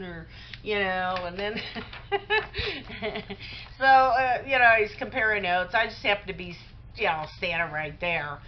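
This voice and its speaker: A woman's voice: medium pitch, lively intonation, measured pace, lo-fi sound, a little hiss or hum. A middle-aged woman giving a casual religious talk, telling stories in a conversational way full of fillers. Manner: conversational storytelling with many fillers. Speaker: Bible teacher.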